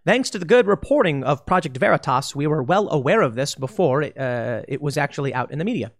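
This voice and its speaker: A man's voice: on the high side, lively intonation, quick pace. A man hosting an opinionated commentary show. He reads articles aloud and reacts to them in a sarcastic, emphatic way, speaking straight to the viewer. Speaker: political commentary host.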